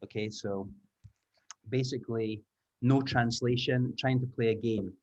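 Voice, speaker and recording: A man's voice: medium pitch, steady tone, measured pace. Upbeat male trainer on a muffled call. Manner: upbeat, encouraging, explains step by step. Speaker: English teaching trainer. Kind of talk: online taster class. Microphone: video call. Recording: muffled video-call audio.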